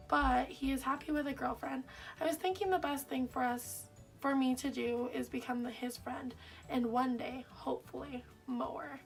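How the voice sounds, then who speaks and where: A woman's voice: high-pitched, creaky, recorded from a distance. A young woman vlogger reading her old diary aloud in a casual, self-mocking, wry way, laughing at herself.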